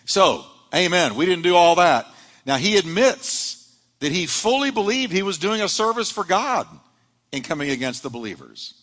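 Animated preaching pastor in a reverberant hall. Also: male voice, high voice, normal speed. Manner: animated preaching, rising and dropping dramatically. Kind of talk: sermon.

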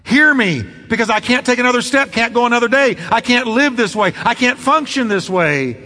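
A man's voice: very high voice, expressive, moderate pace, sharp tone, big-room sound, voice pushed up, full character voice. A man preaching, voicing a desperate woman who pleads for a son with repeated cries. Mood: pleading. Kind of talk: sermon.

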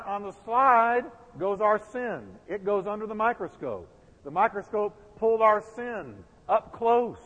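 A man's voice: high voice, breathy edge, in a large hall, highs cut off. A man preaching a sermon as pastor, building emphasis and putting questions to the congregation.

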